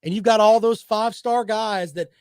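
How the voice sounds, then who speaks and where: A man's voice: high-pitched, fairly even intonation, normal speed, darkish tone, smooth, no echo, clean studio sound. A man hosting a sports talk show, delivering opinionated, sarcastic commentary in a combative, rambling way.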